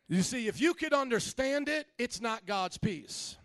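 High-voiced pastor guy, jokey and lively sermon, dry close sound. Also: normal speed, hardly any pauses, dry recording. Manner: joking, animated, calls to the congregation. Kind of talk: humorous sermon. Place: church.

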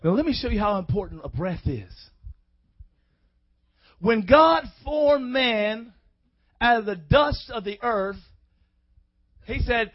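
A male preacher with a very high voice delivers a rousing sermon, dropping low, then rising to shouts and calling out to the congregation. The recording is dull and lo-fi. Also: animated, slow pace, long pauses. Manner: call-and-response preaching, swings from quiet to shouting.

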